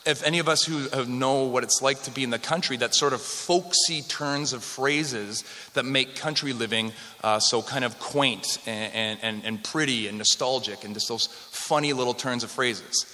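A man's voice: mid-range voice, normal speed, few pauses, pushed and bright. A man from Western Canada giving a conversational history lecture to a live audience, joking with the room as he goes. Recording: long hall reverb.

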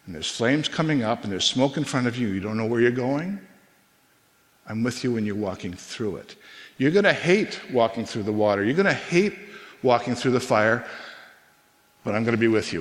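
A middle-aged man of ordinary pitch delivers an earnest, conversational sermon as a pastor. His voice rings out with a long reverb in a church hall. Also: animated, fairly bright tone. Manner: earnest, conversational preaching with pauses and restarts.

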